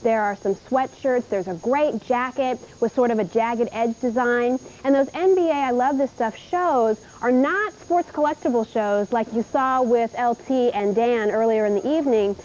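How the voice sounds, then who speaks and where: This young woman from Indiana, USA, hosts a live TV shopping show, cheerfully chatting while she shows off cookware. Her voice is a little high with a darkish tone, captured on dull 1990s broadcast tape.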